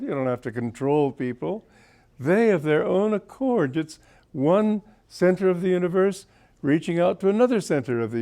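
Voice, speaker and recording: A man's voice: on the high side, dark tone. A man in his seventies with a sore throat, giving an informal spiritual talk as a teacher and telling anecdotes as a genial storyteller. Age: 70s. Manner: genial storyteller, often chuckling.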